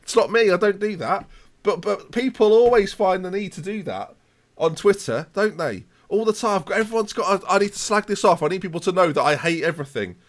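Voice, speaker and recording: Here the streamer, a man in his late twenties, keeps a brisk pace with a high voice and lively intonation. His rant is theatrical mock outrage, rambling and repetitive, delivered during a live gaming stream.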